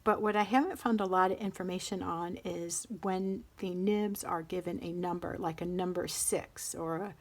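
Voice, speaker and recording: A woman's voice: on the low side, steady tone, moderate pace, hardly any pauses. A middle-aged woman casually chatting through a pen and ink review, rambling and interrupting herself as she thinks aloud. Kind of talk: casual show-and-tell vlog.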